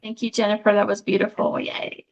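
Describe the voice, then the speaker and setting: A woman's voice: medium pitch, little pitch movement, fairly quick, creaky, highs cut off. A woman moderating an online book launch over a video call, reading comments aloud with many fillers. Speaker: event moderator.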